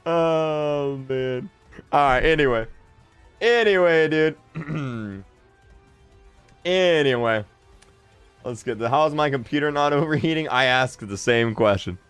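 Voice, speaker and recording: A male livestreamer with a fairly high, smooth voice, heard close and dry with no room sound. He talks to his chat in an exasperated way, repeating lines and tripping over his words. Faint music plays behind him. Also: slow pace, pauses often, a bit bright, dry recording. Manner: exasperated, repeats himself, stammers and laughs.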